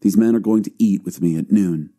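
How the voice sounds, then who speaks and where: A man's voice: fairly low pitch, brisk, dark tone, close to an everyday voice. A man reading a stern, commanding ruler. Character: stern powerful ruler of the land.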